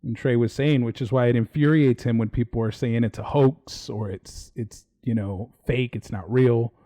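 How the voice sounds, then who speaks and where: A man's voice: medium pitch, fairly even intonation, moderate pace, mellow. Casual Texan male podcast co-host, rambling and easygoing. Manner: laid-back, rambling, swears casually. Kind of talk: casual live-stream chat.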